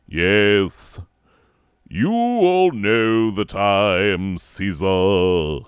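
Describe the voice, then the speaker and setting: A man's voice: fairly low pitch, clean tone, no echo, clean studio sound. A man putting on a stuffy British Roman emperor. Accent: stuffy upper-class British, put on. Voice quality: stuck-up, drawn-out, grandiose. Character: pompous stuck-up male Roman emperor.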